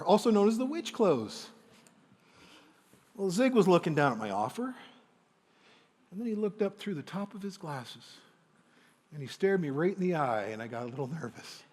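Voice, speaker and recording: A man telling a motivational sales story on stage to a live audience, animated and enthusiastic, acting out the dialogue. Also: high-pitched, normal speed, long pauses. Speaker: motivational speaker and sales coach. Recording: long hall reverb.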